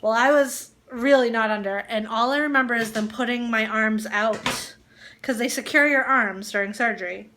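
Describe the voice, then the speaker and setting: A woman's voice: a little high, normal speed, bright, forceful tone, roomy sound, slight background noise. A woman chatting casually in a home kitchen, telling stories and laughing as she goes. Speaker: vlogger. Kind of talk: casual chat.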